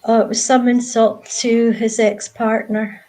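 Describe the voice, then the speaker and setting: A woman's voice: fairly high pitch, little pitch movement, a little slow, warm tone. A woman calling into a live stream, curt and dismissive.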